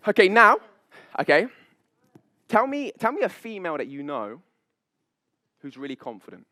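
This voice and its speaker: A man, a public speaking coach, leading a live seminar on stage with high energy, playful banter and frequent laughs. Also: big pitch swings, normal speed, sharp tone, dry recording, studio quality. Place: event stage before an audience.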